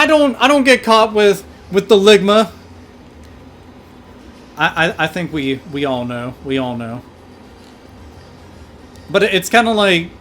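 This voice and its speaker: A man hosting a gaming livestream, ranting in animated, profane casual chat and thanking donors. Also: sits high, slight background noise.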